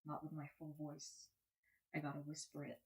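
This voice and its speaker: A young woman on a live stream sings along softly, then chats candidly, rambling and swearing casually between sung lines. Her voice is deep, monotone, and creaky at a moderate pace, and the recording is rough.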